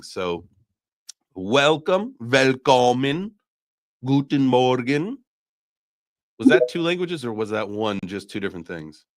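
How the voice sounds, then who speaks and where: A man with a medium-pitched, fairly bright voice hosts a casual live-stream chat. He hypes up his audience and jokes around playfully, swearing casually.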